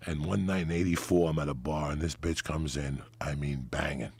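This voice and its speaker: A man's voice: a bass voice, fairly even intonation, normal speed, breathy edge, no room sound. A man, telling a crude, rambling story as a podcast guest. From New Jersey. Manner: crude, rambling anecdotes with vivid asides. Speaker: guest comedian. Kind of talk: profane storytelling.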